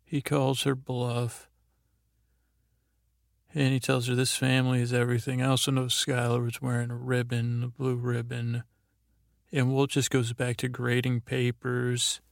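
Man, bedtime podcast host, gravelly voice, dry close sound, meandering sleepy recap. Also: mid-range voice, a little slow, no room sound. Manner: meandering, drowsy, monotone.

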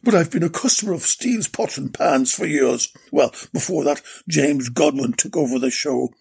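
A man voicing a blunt male shop owner with a gravelly voice. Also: on the high side, lively intonation, normal speed, a little mellow, full character voice. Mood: grumbling. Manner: blunt, matter-of-fact.

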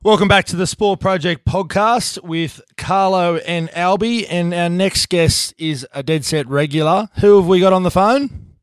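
A man's voice: high-pitched, a little slow, clear, resonant tone, dry recording. An Australian man co-hosting a podcast, bantering in a boisterous, teasing way. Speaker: podcast co-host. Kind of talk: casual banter.

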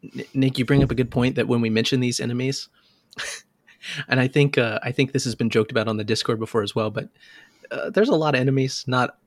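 Male podcast co-host, middle-pitched, chatty and excitable, recorded dry and close. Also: fairly quick, dry recording. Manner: animated storyteller, many restarts and laughs. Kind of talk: casual chat.

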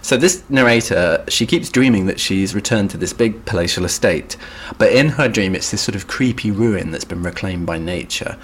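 A man's voice: fairly low pitch, moderate pace, few pauses, breathy edge. A man co-hosting a literature podcast, giving background in a dry, understated chat with wry asides. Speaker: podcast co-host.

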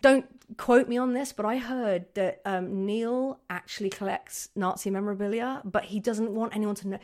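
A woman voicing a sneaky male office gossip who murmurs rumours in a hushed, conspiratorial way. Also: medium pitch, fairly even intonation, normal speed, lightly acted.

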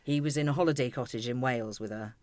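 A woman's voice: a bass voice, fast talker, darkish tone, no echo. A middle-aged woman, a guest telling a personal story frankly and with lots of animation.

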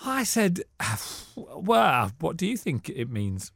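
A man, co-hosting a casual radio podcast with quick, jokey banter and frequent laughs. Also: fairly high pitch, huge pitch swings, gravelly, a bit bright, breathy edge, dry recording, clean studio sound. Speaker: co-host, journalist. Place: radio studio. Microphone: studio mic.

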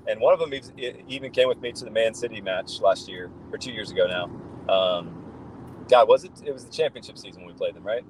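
A man with a fairly low voice chats casually on a podcast. He tells long, enthusiastic stories, loose and full of "uh" and "you know". A faint hiss sits under his voice. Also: brisk, low-quality recording. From United States. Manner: rambling, enthusiastic storytelling with many fillers. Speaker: guest, football fan.

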